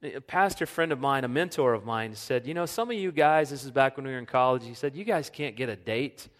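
A man preaching a sermon as a pastor, earnest, sinking to a soft hush when he speaks God's words. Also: medium pitch, animated, fast talker. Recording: long reverb of a church hall.

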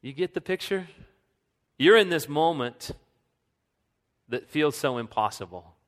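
Male pastor, earnest sermon delivery, slightly high voice, long church-hall reverb, hushes for quoted lines. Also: animated, measured pace. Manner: earnest, drops to a soft hush when quoting God.

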